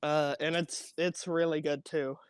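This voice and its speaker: Guy cohosting a music podcast, cusses a lot, tells stories all animated, dry close mic. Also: on the high side, measured pace, clear, resonant tone, no echo. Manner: swears freely, animated storytelling. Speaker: podcast co-host. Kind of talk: casual chat.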